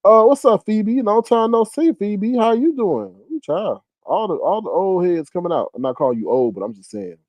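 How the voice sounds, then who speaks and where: Man with chatting on a live stream, teasing viewers, kinda high voice, dry sound. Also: moderate pace, hardly any pauses, no room sound, dull audio. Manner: animated, teasing, jumps to high exclaiming outbursts. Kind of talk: casual live chat reading viewer comments. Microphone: phone.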